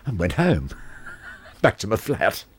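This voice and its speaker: A man's voice: lowish voice, wildly swooping pitch, slow, slightly rough. An Australian man who works as a radio disc jockey, telling stories from his career in an interview and acting out the people in them. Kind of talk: anecdotal storytelling in an interview.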